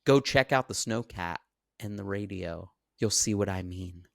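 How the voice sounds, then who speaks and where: A man's voice: low-pitched, unhurried, creaky, dry recording, studio quality. A man voicing a menacing, manipulative man locked in a pantry, talking in a taunting way. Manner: taunting, pleading then threatening.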